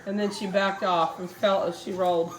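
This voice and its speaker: A woman's voice: medium pitch, little pitch movement, normal speed, reverberant, background noise. A woman filming her puppies at home, cooing and baby-talking to them and laughing often. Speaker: puppy breeder filming her litter. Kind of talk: casual home video narration. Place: indoors at home with dogs.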